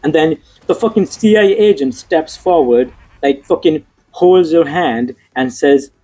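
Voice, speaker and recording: A man's voice: a little high, measured pace, mellow, poor audio. A young man giving a casual, frustrated movie review, swearing often and stumbling over fillers and restarts.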